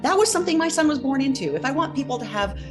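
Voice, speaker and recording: A woman's voice: high-pitched, animated, racing, over music. A woman, a mother speaking as an interview guest, talking thoughtfully and a little hesitantly. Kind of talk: conversational interview.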